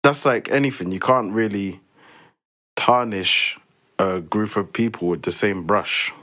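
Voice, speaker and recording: A man's voice: lowish voice, unhurried, sharp tone. A young man chatting casually on a podcast and teasing his co-host. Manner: joking, teasing. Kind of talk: casual chat.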